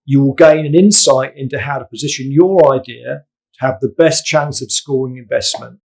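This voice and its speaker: A man's voice: medium pitch, creaky, darkish tone. Podcast host man reading an introduction. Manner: measured, read-aloud delivery. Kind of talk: scripted guest introduction, then interviewing. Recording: faint music behind.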